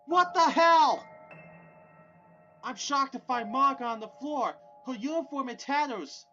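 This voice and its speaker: A woman playing a visual novel, reading the text aloud and reacting with loud exclamations. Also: normal speed. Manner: excitable, exclaims loudly, drops to a low voice for narration. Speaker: let's play gamer. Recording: dull lo-fi audio over game music.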